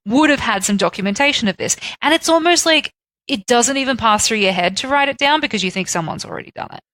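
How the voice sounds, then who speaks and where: A woman co-hosting a podcast, chatting and joking in quick banter. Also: a little high, animated, a bit bright, no echo. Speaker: podcast co-host. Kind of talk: casual chat.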